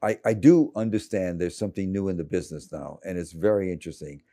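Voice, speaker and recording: Cranky seventy-something male journalist, deep and mellow, stammering and rambling as he talks. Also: fast talker. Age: 70s. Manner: rambling, many restarts and stammers. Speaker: journalist guest. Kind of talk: conversational interview.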